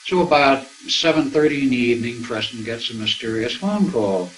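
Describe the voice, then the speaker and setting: A man's voice: mid-range voice, animated, normal speed, slight background noise, rough recording. An older man telling a long story to an audience, acting out remembered dialogue as he goes. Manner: anecdotal, acts out remembered dialogue. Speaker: speaker recounting his experiences.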